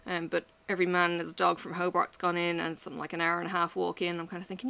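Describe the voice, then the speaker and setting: A woman's voice: lowish voice, flat delivery, fast talker, creaky, hardly any pauses, bright, forceful tone. A middle-aged woman chatting candidly and rambling as she works, swearing freely. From Australia. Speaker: vlogger. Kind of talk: casual chat while working.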